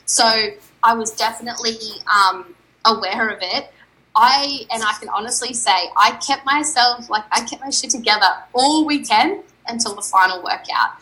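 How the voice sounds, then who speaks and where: A woman's voice: a little high, moderate pace, bright, forceful tone, rough recording. A young adult woman, an athlete guest on a podcast, telling a story candidly and animatedly and quoting her own thoughts.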